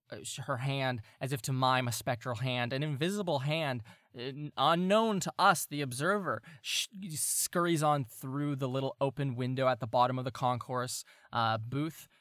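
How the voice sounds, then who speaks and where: A man runs a tabletop game in a loose, chatty way, his voice bright and forward. The sound is close and dry, with no room echo. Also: medium pitch, moderate pace. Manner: loose and chatty, full of fillers. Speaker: game master.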